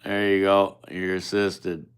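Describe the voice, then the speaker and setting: A man's voice: low-pitched, flat delivery, slow pace, smooth. A man chatting casually with viewers on a live stream, teasing and swearing at them in an offhand way.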